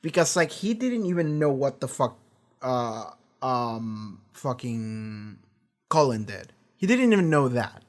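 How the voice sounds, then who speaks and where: A man's voice: mid-range voice, slow. Profane, rambling male reaction streamer. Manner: animated, profane, rambling with restarts. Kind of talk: casual reaction commentary. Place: home streaming setup.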